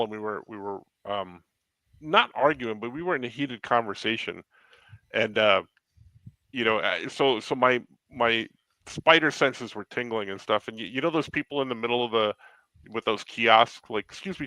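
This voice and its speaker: A man's voice: medium pitch, lively intonation, sharp tone, no echo, poor audio. A man on a podcast telling a story casually, repeating words as he restarts and acting out what people said. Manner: halting, repeats words, acts out quotes. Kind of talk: casual chat.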